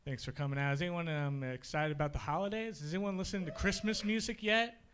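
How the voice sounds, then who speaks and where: High-voiced man hosting stand-up. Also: quick pace. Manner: animated, shouting mock rants in put-on voices. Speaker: stand-up comedy host. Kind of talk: stand-up comedy. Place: comedy club stage.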